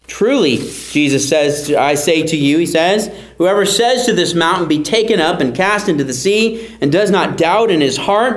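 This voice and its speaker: High-voiced man preaching in an echoey room. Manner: earnest teaching, repeats key phrases for emphasis. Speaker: pastor. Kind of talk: sermon.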